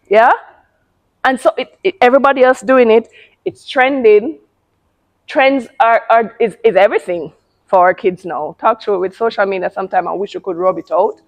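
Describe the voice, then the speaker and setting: A woman with a somewhat high voice talks casually, giving parenting advice. She speaks emphatically and circles back over her words to drive a point home. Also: moderate pace, pauses often. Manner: emphatic, repeats words, mimics children and parents. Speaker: parenting channel host.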